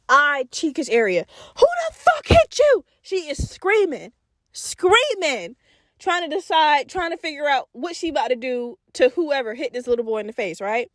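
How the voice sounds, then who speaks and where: A woman hosting a podcast, telling a story in a casual, animated and profane way, laughing and acting out voices. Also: sits high, no room sound, clean studio sound. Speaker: podcast host.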